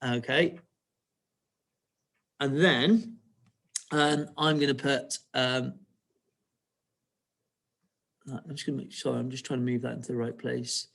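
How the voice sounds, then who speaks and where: A man's voice: mid-range voice, steady tone, slow pace, creaky, pauses often, fairly bright tone. A male primary school teacher giving an online writing lesson, patiently walking pupils through each step and checking they follow.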